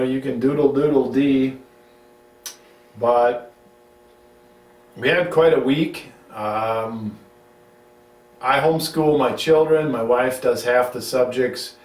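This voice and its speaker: A man's voice: mid-range voice, takes it slowly, long pauses. Rambling middle-aged man hosting from afar. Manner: rambling, restarts sentences, teasing. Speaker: show host. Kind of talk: casual home-recorded chat. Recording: roomy sound, mic at a distance.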